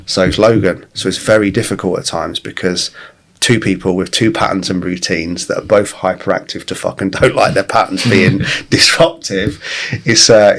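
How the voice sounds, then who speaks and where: A man's voice: low-pitched, a bit bright. A man in his forties, a guest on a podcast, telling personal stories in a candid, casual way with plenty of swearing and restarts. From England. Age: 40s. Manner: candid, swears freely, many restarts and fillers. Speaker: podcast guest, life coach. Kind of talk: casual conversational storytelling.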